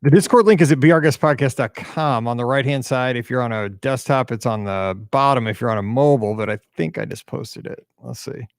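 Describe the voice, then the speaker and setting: A tired man chats his way through the warm-up of a live podcast, greeting viewers by name and humming under his breath. His voice has a gravelly edge, and the close mic sound is dry with no room around it. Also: mid-range voice, fairly quick, hardly any pauses, dry recording. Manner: chatty, upbeat, hums and mutters to himself. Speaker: podcast host. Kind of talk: casual pre-show chat greeting live viewers.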